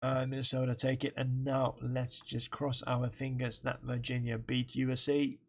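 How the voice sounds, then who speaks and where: A man's voice: medium pitch, monotone, normal speed, creaky, highs cut off. Tired man streaming a game. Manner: tired, talks through stats to himself. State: tired, yawning. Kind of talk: casual let's-play commentary.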